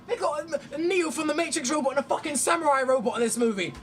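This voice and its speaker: A young man ranting about movies in a profane, excitable, rambling way. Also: very high-pitched, moderate pace, long pauses, faint music behind. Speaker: movie vlogger. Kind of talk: casual ranting commentary.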